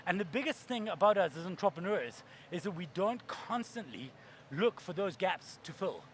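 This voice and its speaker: A man's voice: high voice, sing-song, moderate pace, slight background noise. A man giving a keynote talk on stage, brash and profane, acting out voices for comic effect. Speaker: keynote speaker.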